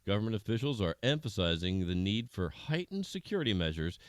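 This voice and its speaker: Man, very low voice, animated intonation, deadpan anchor reading, dry room. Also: a little fast, no room sound. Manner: deadpan newsreader tone. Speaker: podcast co-host reading news. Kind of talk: mock news anchor delivery.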